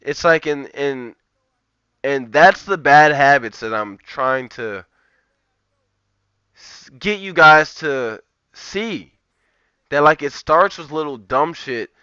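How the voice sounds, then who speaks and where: Ranting man, bright clear voice, slightly high, dull dry lo-fi sound, profane, rambling. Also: lively intonation, slow, long pauses, no room sound. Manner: profane, rambling, heavy use of "like". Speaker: streamer. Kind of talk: ranting commentary.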